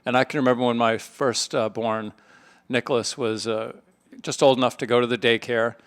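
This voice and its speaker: Man, podcast co-host, anecdotal, middle-pitched, lively quoted bits. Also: normal speed. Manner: anecdotal, animated when acting out quotes. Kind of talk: casual storytelling chat.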